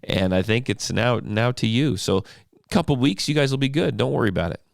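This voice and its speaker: A man's voice: medium pitch, expressive, brisk, gravelly, no room sound. A man hosting his own podcast from a home studio, chatting loosely and laughing easily while he has a cold. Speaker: podcast host. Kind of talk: casual chat.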